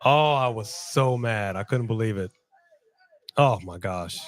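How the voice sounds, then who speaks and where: A man's voice: on the low side, measured pace. A man co-hosting a wrestling watch-along stream, joking in laid-back banter and reading out viewer names. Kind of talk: casual live-stream chat.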